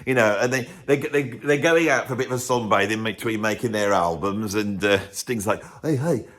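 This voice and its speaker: A man's voice: on the low side, fairly quick, fairly bright tone. A man from the UK hosting a music video, rambling sarcastically in a comic monologue to camera. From United Kingdom. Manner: sarcastic, rambling, self-interrupting.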